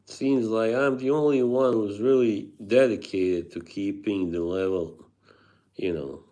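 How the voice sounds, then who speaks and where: A man's voice: lowish voice, steady tone, a little slow, warm tone. A man live streaming, chatting casually with viewers, rambling, laughing often and reading chat aloud.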